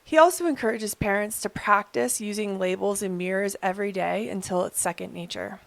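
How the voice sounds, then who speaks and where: A woman hosting her own channel, explaining in a calm, earnest, measured way. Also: medium pitch, gravelly, no room sound. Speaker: channel host. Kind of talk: explainer video talk.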